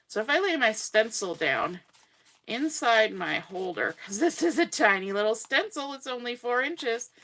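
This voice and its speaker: A woman's voice: on the high side, big pitch swings, normal speed, bright, forceful tone. A middle-aged woman giving a chatty, cheerful craft demonstration, talking her viewers through each step as she works. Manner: chatty, cheerful, talks while working. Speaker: craft instructor. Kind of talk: live online craft demonstration.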